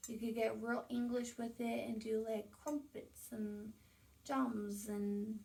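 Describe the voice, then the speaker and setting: A woman's voice: a little high, level tone, takes it slowly, creaky, dark tone, distant mic. A woman hosting a casual home vlog, talking chattily and enthusiastically at home as she shows things off. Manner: chatty, enthusiastic, with fillers and asides. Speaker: host. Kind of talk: casual home vlog, showing items to camera. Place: at home, indoors.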